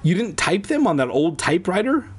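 A bright, eager young schoolgirl friend with a high, lively voice, as a man puts her on. She pries and pushes with husky edges, read aloud for laughs from a storybook. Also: brisk, exaggerated voice. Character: young girl, a pushy helpful school friend.

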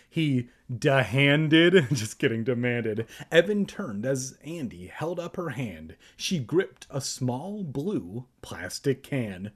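A young man reads a kids' book aloud for a comedy podcast and keeps breaking off for self-deprecating jokes. His husky voice is unhurried but swings widely in pitch. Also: sing-song. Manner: jokey, self-deprecating asides. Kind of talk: comedic book reading with asides.

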